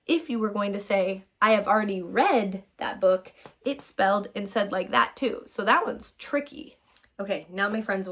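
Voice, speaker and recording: Woman teacher, mid-pitch, cheerful, drawn-out phonics sounds for little kids. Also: a bit bright. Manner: upbeat, exaggerated sounding-out, calls students my friends. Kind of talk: phonics lesson for young children.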